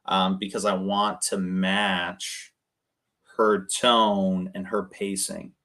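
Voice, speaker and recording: A man coaching cold callers in a chatty, energetic way, full of fillers and restarts. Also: low voice, takes it slowly. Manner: acts out phone calls, shifting his tone to match others. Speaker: real estate investor coaching cold callers. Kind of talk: casual coaching talk on a video call.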